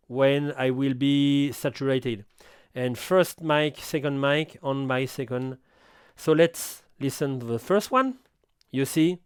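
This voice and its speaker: Middle-aged French-accented male tutor, slow and stop-start, smooth clear tone. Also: mid-range voice, dry recording, studio quality. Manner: halting, self-correcting non-native English. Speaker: audio gear reviewer. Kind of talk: hands-on equipment tutorial.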